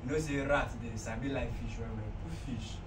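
A man's voice: mid-range voice, a little fast, natural voice. A man with a Nigerian accent playing a friend who gives advice and keeps repeating himself. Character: patient friend giving advice. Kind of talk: comedy skit acting. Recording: echoey room, far-off mic, loud background noise.

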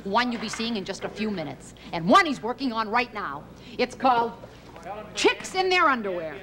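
A woman's voice: a little high, big pitch swings, moderate pace. A woman in a comedy sketch who talks in a brash, bossy way. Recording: TV audio with loud studio audience.

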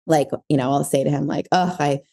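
A woman's voice: deep voice, level tone, quick pace, creaky, mellow, breathy edge. A woman, a parenting coach, talking in a casual interview, reflective and searching for her words with many fillers. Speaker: parenting coach, podcast guest.

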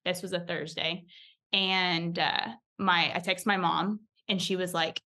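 A woman's voice: on the low side, steady tone, measured pace, pushed and bright. A young woman telling a personal story in a casual, chatty way, full of "like" and acted-out quotes. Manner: chatty, fills talk with "like", acts out quoted voices. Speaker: podcast guest.

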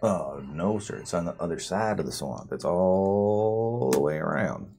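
A man's voice: deep voice, animated, unhurried, a little mellow, a little hiss or hum. A man voicing a wary, blunt country swamp-dweller who talks with a rustic drawl and country words. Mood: stern, folksy.

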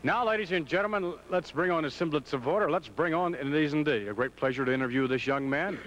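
A man, a wrestling announcer and interviewer, reading out matches in a measured, formal broadcaster delivery. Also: fairly high pitch, fairly bright tone, a little hiss or hum, rough recording.

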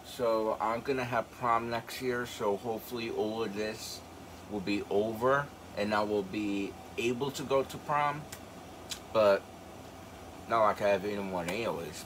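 A man's voice: fairly low pitch, a little slow, slight background noise, low-quality recording. A teenage young man with a slight retainer-affected speech impediment, chatting casually in a rambling, hesitant way. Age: late teens. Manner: rambling, hesitant, lots of fillers. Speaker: video reactor. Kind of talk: casual chat.

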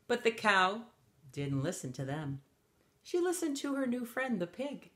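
A woman reading a picture book aloud to children, animated and stopping to ask her young listeners questions. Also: a little high, a little slow. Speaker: children's story reader.

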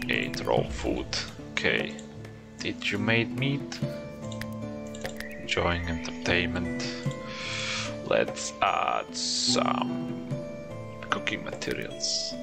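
Over game music, a man with a deep, very animated voice does casual let's-play commentary, coaxing and teasing the characters on screen. He draws out his words, uses vocal fry, and leaves long pauses.

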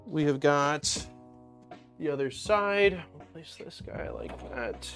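A man's voice: a little high, expressive, takes it slowly, a bit bright, faint music behind. A man hosting a casual live-stream unboxing, thinking aloud and greeting viewers in chat. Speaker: streamer host.

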